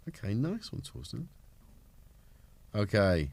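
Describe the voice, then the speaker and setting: Bloke with a cold, rambly livestream chatter, lowish voice that bounces around a lot. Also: male voice, expressive, measured pace, a little mellow. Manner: rambling, self-mocking, talks while tinkering. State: has a cold. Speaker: livestream host. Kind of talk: casual live-stream chat.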